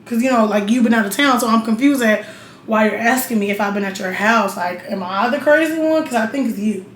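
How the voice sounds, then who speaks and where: A young woman talks straight to camera, blunt and profane and full of asides to the viewer. Her voice sits a little high. The room adds a roomy echo over a faint hiss of noise. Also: brisk. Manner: blunt, profane, chatty, keeps checking in with the viewer. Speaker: vlogger. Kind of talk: casual storytelling while getting ready.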